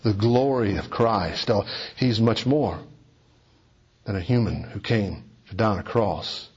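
A man preaching a sermon, rising to emphatic high points and dropping to hushed low passages. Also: a little slow. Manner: wide swings between soaring emphasis and hushed low passages. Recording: dull lo-fi recording.

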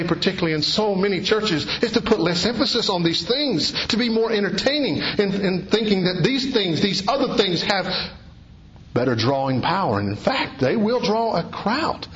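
A male pastor with a high voice delivers an earnest sermon, driving his points home with rhetorical questions and repeated phrases. The sound is roomy and echoey, as in a church hall. The recording is a little dull and muffled. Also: a bit bright. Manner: earnest preaching with emphatic lists and rhetorical questions. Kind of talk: expository sermon.

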